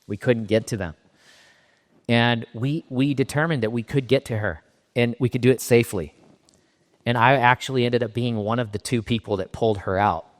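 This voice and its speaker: A middle-aged man from Southern California giving a keynote talk, telling a personal story in a halting, emotionally raw way with frequent restarts. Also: mid-range voice. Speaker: keynote speaker. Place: conference stage in a large hall. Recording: reverberant hall sound.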